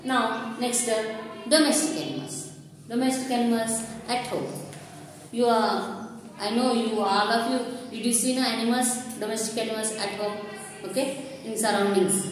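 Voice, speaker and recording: A woman teaching a kindergarten class, slowly drilling words in a repetitive, sing-song way. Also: a little high. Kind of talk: classroom lesson to young children. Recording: echoey hall, distant mic, faint noise.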